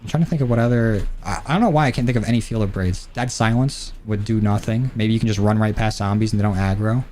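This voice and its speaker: A fast-talking man with a fairly low, darkish voice barely pauses while streaming a shooter game from home, amid slight background noise. He rambles and swears freely as he thinks aloud, speaking into a desk mic routed through a mixer, with faint gunfire from the game in the background.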